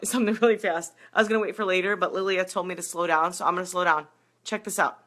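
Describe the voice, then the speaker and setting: Hyped woman coach, bright voice. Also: mid-range voice. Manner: hyped, fast-talking, greeting viewers by name. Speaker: running and triathlon coach. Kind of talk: live video chat with viewers.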